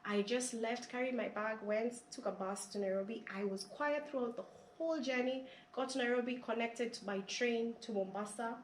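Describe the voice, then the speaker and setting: A woman's voice: fairly high pitch, moderate pace, hardly any pauses. A woman earnestly telling her own story in an interview, often repeating words. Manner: earnest, repeats herself, rising with emotion. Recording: roomy echo, faint background hiss.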